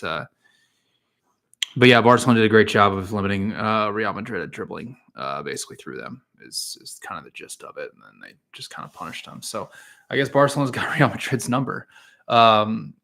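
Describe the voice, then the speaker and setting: A man's voice: fairly low pitch, creaky, a bit bright. A man hosting a solo soccer podcast, talking casually with many fillers and restarts. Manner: rambling, frequent fillers and restarts. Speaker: podcast host and soccer analyst.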